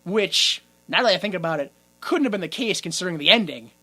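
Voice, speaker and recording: A man co-hosting a podcast, recapping a film in casual chat, animated and laughing often. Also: high-pitched, fast talker. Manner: animated, laughs often, acts out characters' lines. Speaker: podcast co-host.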